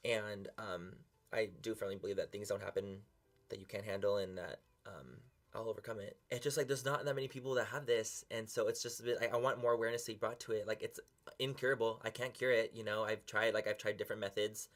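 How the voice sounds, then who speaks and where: Young guy vlogging, kinda low voice, emotional and earnest, almost crying, swears a bit. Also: steady tone, quick pace, a bit bright. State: close to tears. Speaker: beauty vlogger. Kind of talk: emotional confessional vlog.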